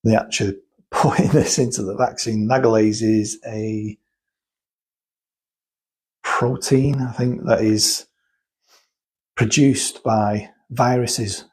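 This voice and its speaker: A man with a somewhat low, husky voice talks through a subject in casual conversation. He explains step by step and thinks aloud, often restarting his sentences. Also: fairly even intonation, slow, long pauses, a little mellow, low-quality recording. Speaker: guest explaining cosmetic chemicals. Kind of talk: casual chat.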